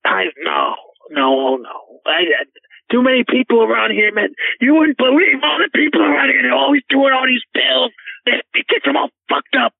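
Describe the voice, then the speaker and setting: A man's voice: extremely high pitch, animated, moderate pace, gravelly, breathy edge, dry recording, heavily acted. A man playing a frantic, cursing, tearful caller to a radio show, who rambles and stammers. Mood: ranting. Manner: swearing, rambling, stammering, breaking into sobs. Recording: tinny phone line.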